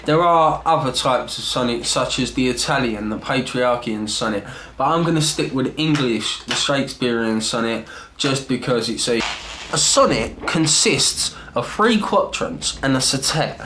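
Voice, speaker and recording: Man, casual instructional vlog, chatty, self-deprecating, mid pitch, faint background hiss. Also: animated, measured pace, fairly bright tone. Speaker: video tutor.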